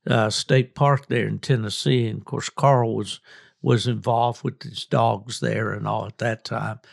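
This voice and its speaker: A man's voice: medium pitch, steady tone, measured pace, vocal fry. A man hosting a casual hunting talk show, easygoing and agreeable. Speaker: show host. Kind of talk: casual radio interview.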